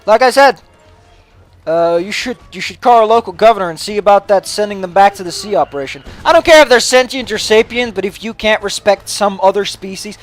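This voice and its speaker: A man's voice: sits high, fairly quick, faint music behind. A man giving casual gameplay commentary, launching into a mock-angry, swear-heavy rant and then sheepishly apologizing. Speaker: let's play commentator.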